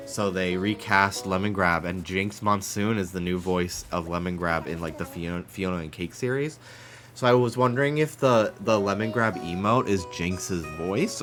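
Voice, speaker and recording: A man with a very low, stuffy-nosed voice rambles casually while streaming a game, cursing now and then. Soft game music plays faintly behind him. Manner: rambling, chatty, swears freely. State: stuffy nose.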